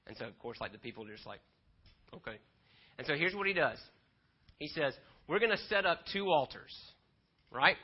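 A man preaching a sermon in a conversational way, retelling the story with animated asides and checking in with the listeners often. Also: fairly high pitch, moderate pace, long pauses, slightly rough, highs cut off. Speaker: pastor.

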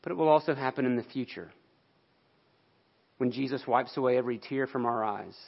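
A man's voice: medium pitch, brisk, vocal fry, lo-fi sound. A man pastor delivering a sermon in an earnest, explanatory way.

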